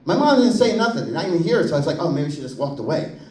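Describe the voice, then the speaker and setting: Animated, crude male stand-up comic. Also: fairly high pitch, racing. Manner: crude, animated storytelling with acted-out voices. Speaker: stand-up comedian. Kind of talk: stand-up comedy set. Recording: echoey room, mic heard from a distance.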